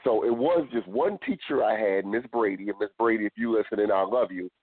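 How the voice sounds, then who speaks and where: A man's voice: lowish voice, fairly quick, dry recording. A man hosting a casual talk show who often repeats words and restarts his phrases. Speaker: podcast host. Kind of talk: casual chat. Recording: tinny phone-line sound, dry.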